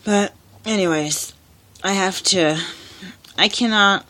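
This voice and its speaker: A woman's voice: medium pitch, takes it slowly, sharp tone. A tired single mother rambling through a personal vlog, full of fillers and restarts, sounding exhausted. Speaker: single parent vlogger.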